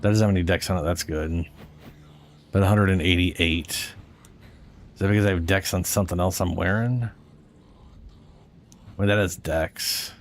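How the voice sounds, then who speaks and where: A man's voice: low-pitched, fairly even intonation, normal speed, pauses often, slight background noise. A man streaming a game, talking casually in a profane, ranting way and often correcting himself. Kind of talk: casual gameplay commentary.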